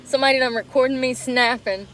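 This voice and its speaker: A woman's voice: high-pitched, fairly even intonation, fast, a bit bright, a little hiss or hum, poor audio. A woman chatting on a livestream around a car, rambling, giggling and cursing, breathless from effort. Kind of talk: casual livestream chat.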